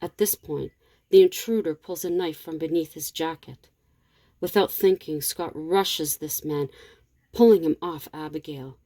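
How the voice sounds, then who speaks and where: A woman reading a story aloud as narrator in a steady, measured way. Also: sits low, no echo.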